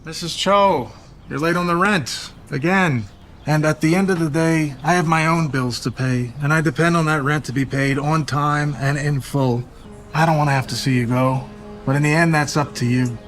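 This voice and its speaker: A man's voice: on the high side, normal speed, fairly bright tone, faint music behind, natural voice. A man playing a firm, businesslike landlord in a scripted drama. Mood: stern. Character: stern middle-aged male landlord.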